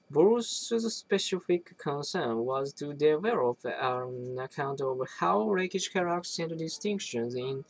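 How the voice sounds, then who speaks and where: A person reading an academic text aloud, halting often to restart and correct words. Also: mid-range voice, no echo, poor audio. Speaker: reader.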